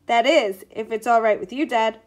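A woman's voice: on the high side, moderate pace, natural voice. A woman voicing a bespectacled boy detective in a storybook reading, speaking in a formal, precise way. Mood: puzzled, observant.

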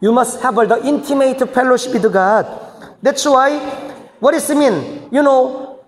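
A man's voice: very high-pitched, measured pace. A man, a senior pastor, teaching church leaders in choppy, emphatic phrasing that rises into bursts. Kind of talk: teaching seminar sermon. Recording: echoey hall reverb.

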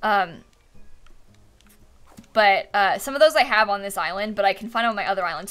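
A chatty young woman hosting a live stream, thanking her viewers one by one and laughing easily. Her voice is bright, clear and slightly high, with lots of relaxed fillers. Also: normal speed. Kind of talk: casual live-stream chat.

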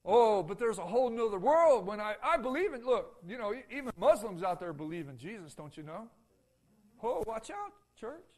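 A man's voice: high voice, animated, fairly quick, few pauses, a little mellow. A man preaching a sermon as pastor in a church, emphatic and full of repeated rhetorical questions to the congregation. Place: church sanctuary.

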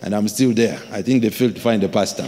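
A man preaching a sermon as a pastor, telling stories with acted-out voices and sudden shouts. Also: lowish voice, fast, heavy background noise. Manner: animated storytelling, acts out voices, shouts for emphasis. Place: large church hall. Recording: long hall reverb.

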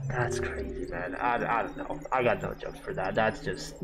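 A man giving casual, joking gameplay commentary, swearing and reacting loudly while he plays. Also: fairly low pitch, measured pace, heavy background noise. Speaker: gaming YouTuber. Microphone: scuffed mic. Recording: game music behind.

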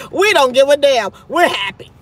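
A woman's voice: high-pitched, expressive, measured pace, noisy background. A woman hosting a casual livestream, chatting with viewers, laughing often and trash-talking bluntly. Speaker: livestream host.

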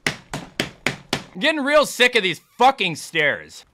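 A young man commenting on his own gameplay, swinging between shouted cursing outbursts and low muttered asides. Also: very animated, takes it slowly, pauses often, a little hiss or hum. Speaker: gaming YouTuber.

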